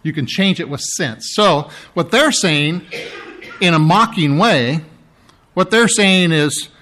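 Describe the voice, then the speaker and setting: Animated, high-voiced male preacher. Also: takes it slowly. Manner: animated, mocks the priests in a put-on sneering voice. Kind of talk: sermon.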